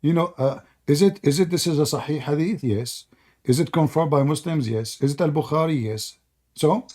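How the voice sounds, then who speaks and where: A sarcastic man runs a live debate, his voice sitting a bit high with a warm, mellow tone. He is hoarse from hours of talking and keeps mocking in a sing-song way. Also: normal speed. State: losing his voice. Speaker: host of a live debate stream.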